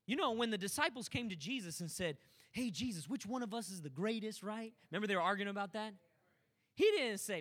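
Animated, bright-voiced male preacher. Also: sits high, brisk. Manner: animated preaching, swings from quiet asides to loud shouts. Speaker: pastor. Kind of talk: sermon.

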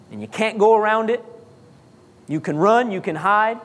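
A pastor preaches emphatically, asking the congregation question after question and hammering points through repetition. His voice sits high for a man. The sound carries a long reverb, as in a large church hall. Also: normal speed, long pauses, a bit bright. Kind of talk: sermon.

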